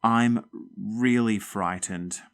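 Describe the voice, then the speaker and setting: A man's voice: lowish voice, fairly even intonation, extremely slow, a bit bright, exaggerated voice. A man voicing a terrified young boy who stammers in a tiny voice.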